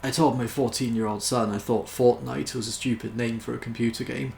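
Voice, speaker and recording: British man, casual joke reading, self-mocking, gravelly voice, echoey room. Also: mid-range voice, flat delivery, a little fast, a little mellow, slight background noise. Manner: amused, self-mocking, chuckles between jokes. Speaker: YouTuber.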